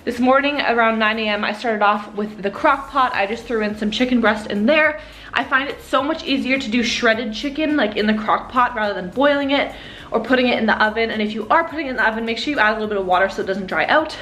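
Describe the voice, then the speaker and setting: A woman's voice: on the high side, quick pace, fairly bright tone. A young woman, heavily pregnant and out of breath, chatting casually through a cooking vlog in her home kitchen, full of likes and ums. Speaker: vlogger.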